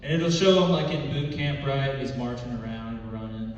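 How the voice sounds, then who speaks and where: A man performing a stand-up comedy set, telling a story in a deadpan way and dropping low and quiet for punchlines. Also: normal speed, heavy reverb, long reverb tail, far from the mic, highs cut off, a little hiss or hum. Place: comedy club stage.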